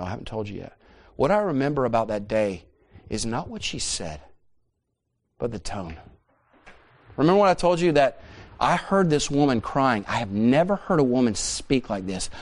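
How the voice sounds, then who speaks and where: A man preaching a sermon in a church, swinging from loud, emphatic peaks down to quiet, hushed asides. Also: medium pitch.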